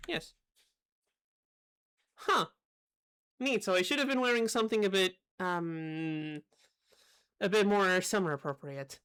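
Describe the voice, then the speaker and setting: A woman's voice: mid-range voice, slow, pauses often, a bit bright, clear, resonant tone. A young woman streaming a game live, reacting with wry, sarcastic asides. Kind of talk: live gameplay commentary.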